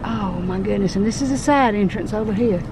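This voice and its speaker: A woman's voice: mid-range voice, a little fast, background noise. A woman with a Southern US accent, chatting enthusiastically to viewers in a casual vlog. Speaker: vlogger.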